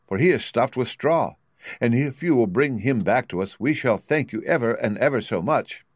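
A man's voice: mid-range voice, lively intonation, normal speed, no room sound, lightly acted. A man voicing an earnest, polite little girl in a storybook reading, speaking eagerly.

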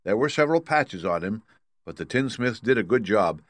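A man narrating a children's storybook in a steady, even reading. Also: lowish voice, normal speed, no echo.

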